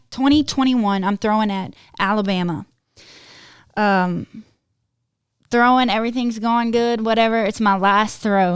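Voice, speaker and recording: A woman in her twenties hosting a podcast, telling a personal story in a lively, animated way and laughing often. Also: mid-range voice, clear, resonant tone, no echo, clean studio sound. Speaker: podcast host. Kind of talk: casual storytelling chat.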